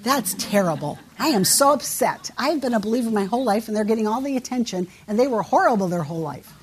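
A woman's voice: on the high side, animated, fast, a little hiss or hum, lightly acted. A woman voicing a resentful longtime churchgoer who rants in a whiny, indignant way and stumbles over her words. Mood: grumbling, indignant. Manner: whiny, indignant, stammering rant. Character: resentful, self-pitying longtime churchgoer, grumbling.

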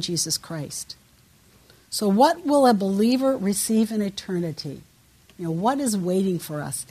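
A woman's voice: medium pitch, darkish tone, breathy edge. A woman preaching an earnest, emphatic sermon, quoting scripture verses.

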